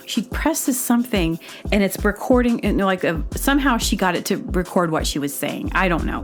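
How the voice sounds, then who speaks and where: A woman hosting a podcast, talking alone in a rambling, chatty way and jumping into a high, squeaky voice when she quotes others. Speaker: podcast host. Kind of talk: casual solo monologue.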